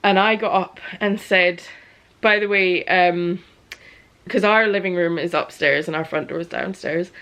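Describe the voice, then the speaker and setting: A woman, chatting casually to camera in her small business vlog, animated and laughing as she tells a story. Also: on the low side, a little slow, clean tone. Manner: animated storyteller, acts out quotes, laughs often.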